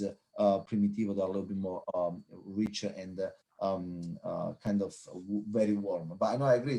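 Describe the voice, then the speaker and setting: A man hosts a casual wine chat. He talks haltingly, full of fillers and restarts, at an average pitch for a man. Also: a little mellow. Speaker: wine interviewer, host. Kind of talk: casual video interview. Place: Florida.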